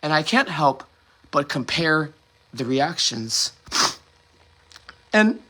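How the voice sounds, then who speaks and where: Man, impassioned host, bright tone, rambling restarts, swears a lot. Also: fairly high pitch, big pitch swings, slow. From United States. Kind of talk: emotional solo monologue.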